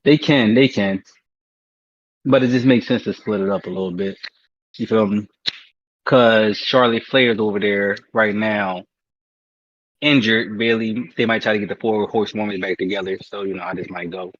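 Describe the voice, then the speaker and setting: A man's voice: lowish voice, steady tone, normal speed, no echo, muffled recording. A man co-hosting a casual wrestling podcast, talking in blunt slangy banter and repeating himself. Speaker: podcast co-host. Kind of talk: casual chat.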